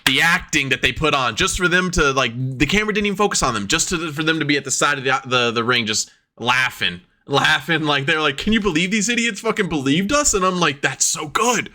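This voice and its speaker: Bright-voiced excitable male podcast host. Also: a little high, a little fast, few pauses. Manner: excitable, swears freely, acts out reactions. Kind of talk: casual chat.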